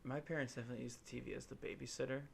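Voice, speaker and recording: A man's voice: medium pitch, very fast, creaky, husky. A young man from Illinois co-hosting a podcast, telling stories in a rambling way with lots of fillers. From Illinois, USA. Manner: rambling, filler-heavy storytelling with animated quoted voices. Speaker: podcast co-host. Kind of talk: casual chat.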